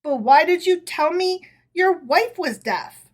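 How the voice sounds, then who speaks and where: A woman's voice: sits high, very animated, moderate pace, voice pushed up. A woman reading aloud voices a haughty, condescending rabbi's wife from a folk tale. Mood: hoarse yelling. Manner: condescending, loud.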